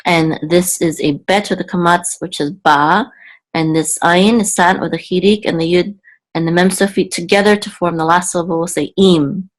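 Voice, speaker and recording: A woman's voice: lowish voice, steady tone, moderate pace. A woman teaching an online language lesson, going patiently word by word with frequent ums and self-corrections. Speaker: Hebrew teacher.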